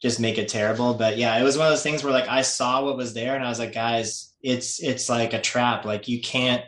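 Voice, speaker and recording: A man talking casually as a podcast guest, telling animated stories, repeating words and laughing often. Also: medium pitch, a little fast, echoey room. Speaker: guest, skateboarder and skatepark designer.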